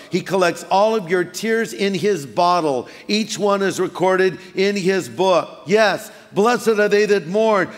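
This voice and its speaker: High-voiced pastor preaching in a hall. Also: male voice. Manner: animated storytelling, acting out quick voices for effect. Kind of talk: sermon. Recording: long reverb of a large hall.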